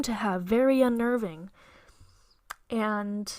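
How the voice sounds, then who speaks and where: A young woman hosting a podcast, telling a frightening dream in an earnest, halting way with many restarts. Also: on the high side, darkish tone, dry recording. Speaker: podcast host. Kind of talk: storytelling monologue.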